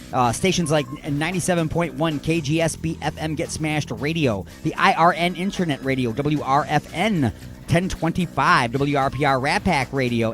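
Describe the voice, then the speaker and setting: A man from the Detroit suburbs, hosting a radio show in a loud, rambling, ranting way. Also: a little high. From Detroit suburbs, Michigan. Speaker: radio host. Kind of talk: rambling comic radio talk.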